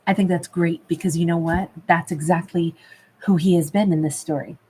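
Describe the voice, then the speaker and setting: A woman tarot reader in a casual livestream, chatting affectionately with viewers and calling them babe and love, a little rough from a recent cough. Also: lowish voice, steady tone, moderate pace, mellow, slight background noise. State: recovering from a cough. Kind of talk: livestream chat reading viewer comments.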